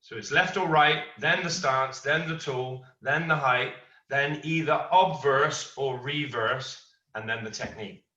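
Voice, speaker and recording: A middle-aged man teaches a martial arts class, switching between lively storytelling and step-by-step instruction. His voice is bright and carries, but it was captured from a distance in a roomy, echoing space with a dull, lo-fi sound. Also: mid-range voice, measured pace, hardly any pauses. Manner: storytelling, animated quoting of others.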